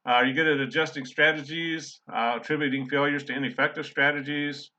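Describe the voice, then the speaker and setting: A man's voice: fairly high pitch, steady tone, fairly quick, bright, forceful tone. A middle-aged man, a college English instructor giving a casual, rambling recorded lecture full of fillers. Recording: slightly dull lo-fi audio.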